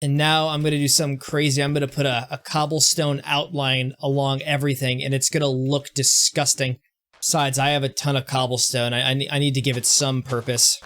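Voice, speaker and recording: This young gaming streamer offers casual commentary on his gameplay, mocking himself and frequently tripping over words before quickly restarting. His pitch is medium, his tone level and fairly bright.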